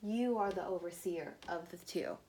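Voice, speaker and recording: A woman's voice: lowish voice, normal speed, mellow. Blunt, swearing woman love coach. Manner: blunt, swears freely, calls listeners bro. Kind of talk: casual vlog-style talk to viewers.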